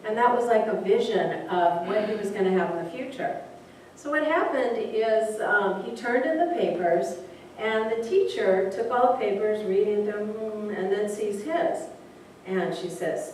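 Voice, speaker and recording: A woman's voice: medium pitch, animated, a little slow, a little mellow. A woman reverend giving a spiritual talk to a group, telling a story in a conversational way and speaking directly to her listeners. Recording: very echoey room, voice from a distance, faint noise.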